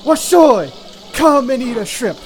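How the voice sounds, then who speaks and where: A game master voicing a cheerful catfish-like creature vendor who hawks seafood with loud sing-song cries. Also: sits high, sing-song, a little slow, faint music behind, pitched above the performer's own voice. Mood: boisterous hawking.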